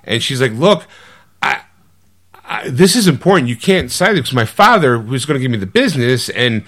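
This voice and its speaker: A man co-hosting a podcast, casually retelling a movie plot in an animated, rambling way and slipping into quoted voices. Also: mid-range voice, normal speed. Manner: loose, rambling with fillers and restarts. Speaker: podcast co-host.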